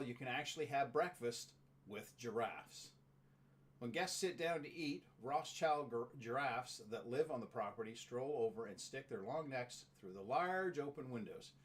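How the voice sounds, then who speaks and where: A man hosting a casual talk show, reading facts aloud with stumbles and joking asides. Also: mid-range voice. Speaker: show host. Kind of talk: casual chat.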